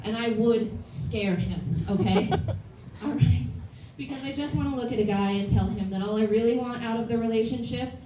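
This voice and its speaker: A woman in her late twenties with a fairly high voice performs stand-up, blunt and confessional, poking fun at herself. She is picked up from a distance in a roomy, echoing club, with clear room noise around her. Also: moderate pace. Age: late 20s. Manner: self-deprecating, confessional, blunt. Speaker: stand-up comedian. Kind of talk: stand-up comedy set. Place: comedy club stage with live audience.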